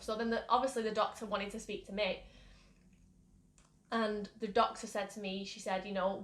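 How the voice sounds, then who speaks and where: Speaking at medium pitch with a flat delivery, a fairly quick pace and a sharp tone, a young UK mental health vlogger tells a personal story candidly, full of fillers and rambling. The room echoes noticeably.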